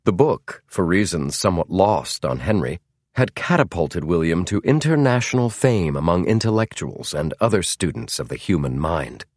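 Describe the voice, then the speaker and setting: This is a male audiobook narrator with a lively, low voice reading scripted narration at a moderate pace. The recording is studio quality, with no room sound.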